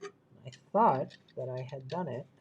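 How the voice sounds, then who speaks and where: Male streamer working indoors on a hobby build, chatty and self-mocking, mid-pitch voice. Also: animated, takes it slowly, husky, dull audio. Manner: muttering to himself, self-deprecating, chatty asides. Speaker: livestream host. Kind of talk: live build stream, thinking aloud.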